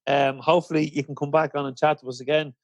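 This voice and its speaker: A man's voice: a little high, flat delivery, quick pace, no echo, muffled recording. A man hosting a fan podcast, interviewing a guest in a friendly, bantering way. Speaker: podcast host. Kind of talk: casual interview chat.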